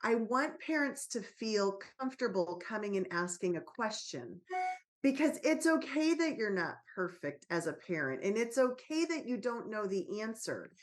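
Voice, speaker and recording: A woman speaking in an everyday middle-pitched voice, earnest and reassuring. She talks as a podcast guest and tells personal stories about raising her child. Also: big pitch swings, normal speed. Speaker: podcast guest, parenting author. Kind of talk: casual podcast conversation.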